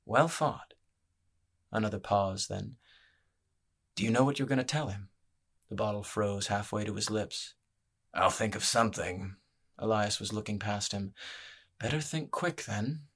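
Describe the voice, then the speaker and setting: A man narrating a fantasy story as a scripted audiobook reading, in a measured, even storytelling manner. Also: low-pitched.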